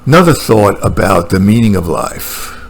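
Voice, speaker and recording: A man's voice: lowish voice, sing-song, normal speed. A man talking alone in a room at home, musing about philosophy in a casual monologue, with many fillers and restarts. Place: room at home with a computer and a painting.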